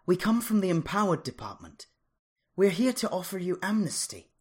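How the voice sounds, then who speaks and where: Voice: medium pitch, moderate pace, voice pushed up, natural voice. A narrator doing Violet, a commanding woman leader. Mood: authoritative. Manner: firm, commanding, even. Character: authoritative woman leader in purple, calm.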